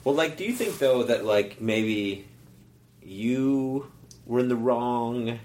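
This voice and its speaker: A man's voice: mid-range voice, takes it slowly, a little hiss or hum. A man co-hosting a late-night chat, nodding along and teasing his friend with mock-serious questions. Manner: steady backchannel, teasing devil's advocate. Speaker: podcast co-host. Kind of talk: casual chat. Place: hotel room at night.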